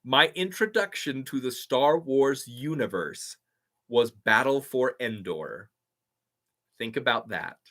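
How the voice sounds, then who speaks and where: A man's voice: medium pitch, animated, slow pace, sharp tone. A man running a live stream Q&A, answering chat in an enthusiastic, rambling way full of fillers. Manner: enthusiastic, rambling fan talk with many fillers.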